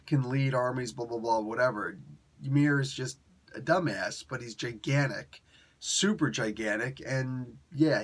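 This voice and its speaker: A man giving a casual, rambling spoken review of a comic book, chuckling often and correcting himself as he goes. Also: medium pitch. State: in pain.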